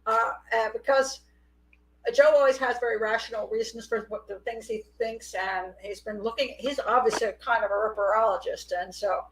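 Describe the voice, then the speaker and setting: A woman hosting a live call-in show, her voice sitting a little high. She chats casually and rambles from one thought to the next, laughing often along the way. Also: steady tone, normal speed, a little hiss or hum, poor audio. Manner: chatty and rambling, with frequent laughs.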